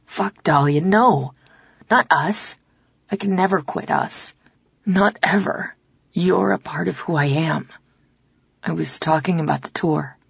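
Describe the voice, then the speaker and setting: A woman voicing a brooding young male musician who speaks softly and low in a romance audiobook. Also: takes it slowly, vocal fry, pauses often, slightly rough, dry recording, dull audio, full character voice. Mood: hushed tender. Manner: hushed, low and tender.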